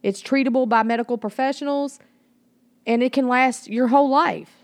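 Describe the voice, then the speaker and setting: A woman's voice: sits high, moderate pace, no echo. Blunt, profane woman podcast host. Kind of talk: casual spoken monologue. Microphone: home mic that picks up the room.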